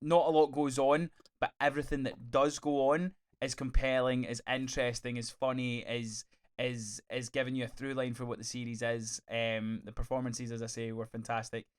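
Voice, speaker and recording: A man co-hosting a podcast, chatting in a gushing, sweary, animated way. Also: mid-range voice, normal speed, smooth. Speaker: podcast co-host. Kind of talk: casual review chat.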